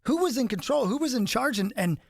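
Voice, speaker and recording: Guy hosting a podcast, pretty high voice, lively, pokes fun at himself, dry close mic. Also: brisk, gravelly, dry recording. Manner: animated, self-deprecating, voice rising on questions. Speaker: host. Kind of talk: podcast interview.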